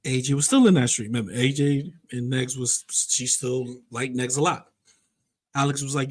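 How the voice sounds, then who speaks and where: A man's voice: mid-range voice, moderate pace. A man giving casual drama commentary, chatting straight to his viewers and reading documents aloud. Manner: chatty, addresses viewers directly; laid-back, reads documents aloud.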